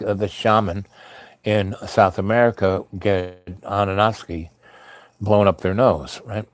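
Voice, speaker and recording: A man's voice: fairly low pitch, darkish tone, no room sound. A man telling a rambling personal anecdote in a chatty way, full of asides. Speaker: storyteller. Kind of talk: casual spoken anecdote.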